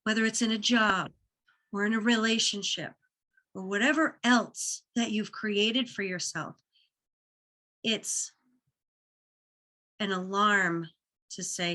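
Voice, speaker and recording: A woman's voice: mid-range voice, steady tone, slow pace, pauses often, pushed and bright. A woman talking as a podcast guest, sharing a personal story in an earnest, emphatic way and repeating words as she builds her point. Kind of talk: personal story in casual conversation.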